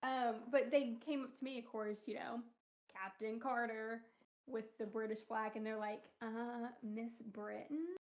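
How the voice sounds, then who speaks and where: A woman's voice: a little high, normal speed. A young woman co-hosting a podcast in casual chat, telling stories with lots of laughter and acted-out quotes. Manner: animated storytelling, acts out quoted voices, laughs often. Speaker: podcast co-host. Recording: dull lo-fi podcast audio.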